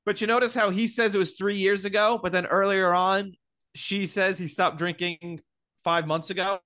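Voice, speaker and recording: A man's voice: high voice, fairly even intonation, moderate pace, sharp tone. A man co-hosting a podcast, chatty and picking at small movie details. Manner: chatty, nitpicky about details, laughs easily. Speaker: podcast co-host. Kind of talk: casual movie-recap chat.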